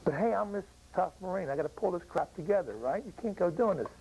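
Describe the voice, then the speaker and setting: An older American man, a veteran, telling an emotional personal war story with halting pauses. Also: high voice, lively intonation, vocal fry, a little mellow, a little hiss or hum, poor audio. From United States. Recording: old radio broadcast recording.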